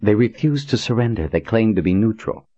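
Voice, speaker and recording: Steady no-nonsense woman, read by a male narrator, raised and gentle; dry audiobook sound. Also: fairly low pitch, fairly quick, no room sound, voice pushed up. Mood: firm. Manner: calm, firm, sometimes hushed. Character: steady, level-headed woman officer. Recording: dull dry recording.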